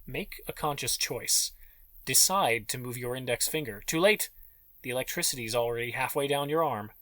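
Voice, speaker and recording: Bright-voiced male audiobook narrator. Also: mid-range voice, moderate pace, no room sound. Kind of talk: scripted narration.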